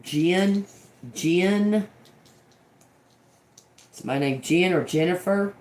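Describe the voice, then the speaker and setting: A man's voice: high voice, drawn-out words, a little mellow. A man doing a casual tarot reading, rambling and cursing, often repeating single words as they come to him. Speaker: tarot reader.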